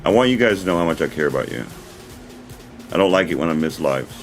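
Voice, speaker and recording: There's faint music behind this man from the United States as he runs his own casual livestream. His very deep voice is animated and quick, and his talk is earnest, meandering and repetitive.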